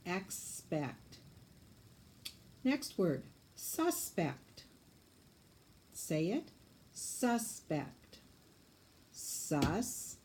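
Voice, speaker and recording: Woman, spelling teacher, very slow dictation, low-ish voice, patient, spells letter by letter. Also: very animated, darkish tone, slight background noise.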